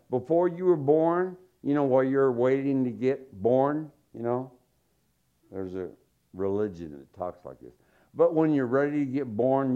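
A middle-aged man preaching a sermon, telling stories and acting out quotes with lively swings. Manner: animated storytelling with acted-out quotes and big pitch swings. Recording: dull lo-fi sound.

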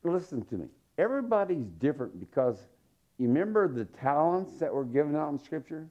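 A middle-aged man preaching a sermon, telling stories and acting out quotes with lively swings. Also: brisk. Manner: animated storytelling with acted-out quotes and big pitch swings. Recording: dull lo-fi sound.

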